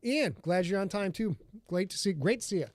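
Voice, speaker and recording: A man's voice: high voice, animated, a little fast, a little mellow. Chatty man greeting his livestream viewers. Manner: rambling, greets viewers by name. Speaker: podcast host and author. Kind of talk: casual livestream chat. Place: home studio.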